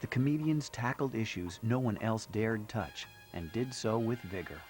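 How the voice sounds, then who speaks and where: A man with a fairly low voice narrates a television documentary in a measured, storytelling manner. His scripted lines sit over loud background music. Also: expressive.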